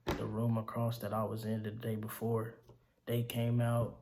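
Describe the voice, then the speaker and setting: A young man telling the story of his mother's death, halting and repeating himself, his voice sinking to near whispers in grief. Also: on the low side, monotone, mellow. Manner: halting, repeats himself, calls the listener bro. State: grieving, voice dropping to near whispers. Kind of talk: emotional storytelling to camera.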